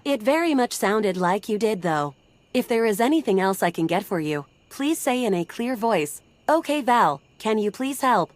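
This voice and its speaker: A woman voicing a calm, polite female smart-home voice assistant in a video game. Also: medium pitch, moderate pace, dry recording, close to an everyday voice.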